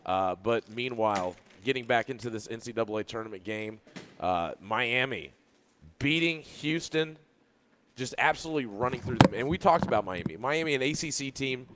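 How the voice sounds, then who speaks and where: A man's voice: medium pitch, expressive, moderate pace, noisy background. A man co-hosts a sports radio show and talks basketball in a loose, casual way. He wanders from point to point and restarts his sentences, speaking into a studio mic. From Louisville, Kentucky.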